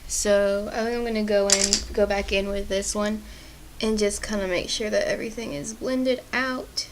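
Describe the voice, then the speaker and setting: A woman's voice: medium pitch, steady tone, moderate pace, noisy background. A young woman chatting casually through a makeup tutorial at home, apologetic and self-deprecating. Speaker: beauty vlogger.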